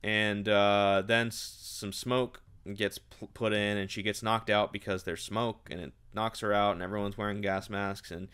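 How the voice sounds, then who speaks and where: A man's voice: on the low side, level tone, normal speed, hardly any pauses, a bit bright, clear, resonant tone. A man recapping a novel in a casual, sarcastic and exasperated rant. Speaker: book reviewer.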